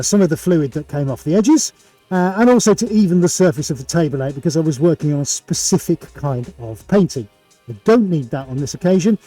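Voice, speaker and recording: A man's voice: a little high, dry recording. Upbeat guy hosting a live art stream from his studio, dry close sound, light music behind. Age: middle-aged. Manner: jokey, chatty, energetic showman. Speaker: art livestream host. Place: home art studio with several cameras.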